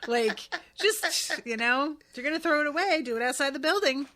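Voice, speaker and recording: A woman co-hosting a podcast in casual, animated chat, laughing often as she recaps. Her voice sits a bit high and sounds bright and forward. She acts out bits of dialogue as she goes. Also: brisk. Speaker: podcast co-host.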